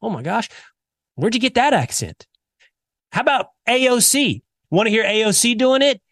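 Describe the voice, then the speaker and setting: A male podcast host reads his commentary with mocking, sarcastic punches. His pitch swoops widely from phrase to phrase. The sound is dry and close. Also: very animated, moderate pace, fairly bright tone, no room sound, some chatter behind. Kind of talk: scripted commentary segment.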